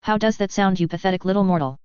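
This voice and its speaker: A reader voicing a cruel, taunting male vampire who speaks with slow menace, on a slightly dull recording. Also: mid-range voice, darkish tone, clear, resonant tone, dry recording, close to an everyday voice. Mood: menacing. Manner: menacing, mocking.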